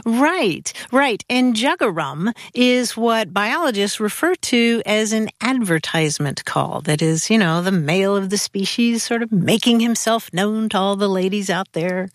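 A woman's voice: medium pitch, lively intonation, a little slow, hardly any pauses, no echo, studio quality. Woman co-host explaining words. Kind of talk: casual radio chat about language.

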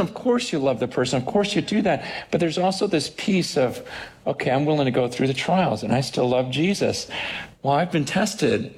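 Conversational pastor, a man with a higher voice. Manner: conversational, animated, with many restarts and acted-out quotes. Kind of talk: sermon.

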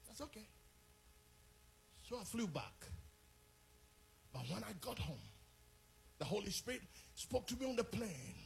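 A middle-aged man from Ghana, preaching a sermon as an animated storyteller who moves from quiet asides to shouted peaks. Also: high voice, unhurried, vocal fry, pauses often, a little hiss or hum. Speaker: pastor.

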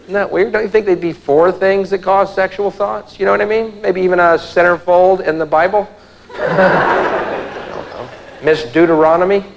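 A man's voice: sits high, steady tone, fairly quick, vocal fry, hardly any pauses, a little hiss or hum, rough recording. A male stand-up comedian with a wry, conversational delivery, performing live. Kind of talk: stand-up routine. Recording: live show with crowd laughter.

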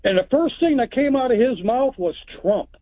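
A man's voice: extremely high pitch, animated, moderate pace. A man from Texas calling in to a radio show, telling a long story in a rambling, plainspoken way. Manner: rambling, plainspoken, retells events step by step. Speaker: caller. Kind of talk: phone-in storytelling. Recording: tinny phone line.

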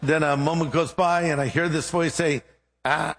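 A middle-aged male pastor delivers a sermon in a slightly high voice. He tells stories with playful, acted-out dialogue and dry humor. His voice carries a long reverb from a large hall. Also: steady tone, brisk.

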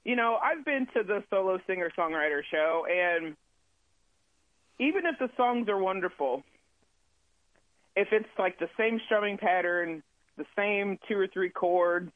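Guy musician calling in, high-ish voice, phone-line tinny and dry, rambly friendly chat. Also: expressive, measured pace, long pauses, dry recording. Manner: rambling, friendly, many fillers. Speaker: touring musician guest. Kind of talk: casual interview chat. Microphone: phone call.

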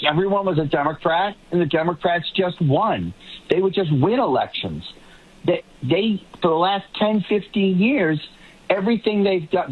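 A man's voice: on the high side, breathy edge. A man from the Boston area giving emphatic commentary as a guest on a political panel, often restarting and repeating words. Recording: tinny remote line.

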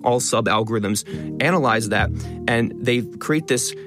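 A man being interviewed, talking fast and explaining ideas at length. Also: medium pitch, music in the background. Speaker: guest. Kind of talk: conversational interview.

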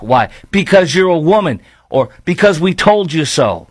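A man's voice: fairly high pitch, very animated, normal speed, husky, no echo, low-quality recording. Sarcastic man giving political commentary. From lives in Dallas-Fort Worth. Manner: sarcastic, argumentative.

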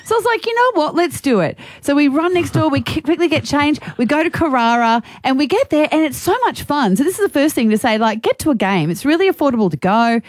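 A woman's voice: high-pitched, fast, hardly any pauses, dry recording. Chatty woman radio host. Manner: chatty, animated storytelling with laughs. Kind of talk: casual radio chat. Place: radio studio.

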